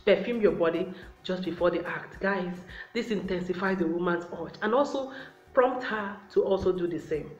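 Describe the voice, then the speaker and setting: A woman's voice: on the low side, normal speed. A woman giving relationship advice to the camera in a casual, chatty way, often calling her viewers guys. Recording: roomy, slightly dull sound.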